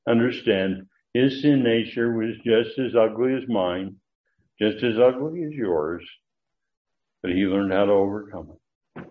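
Slow, low-voiced male Bible teacher. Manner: deliberate, with frequent uh fillers and emphatic rises. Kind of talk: verse-by-verse Greek Bible lesson. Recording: dull lo-fi recording.

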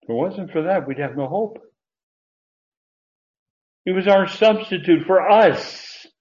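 A man's voice: sits high, lively intonation, slow, darkish tone. A man preaching an expository sermon, teacherly, lifting his voice to stress key words. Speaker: pastor. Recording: tinny phone-like audio.

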